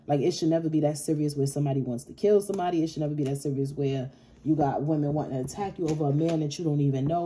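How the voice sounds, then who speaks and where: Low-voiced woman reading tarot, profane and blunt. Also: mellow, slightly rough. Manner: blunt, profane, chuckles nervously. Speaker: tarot reader. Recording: audible background noise.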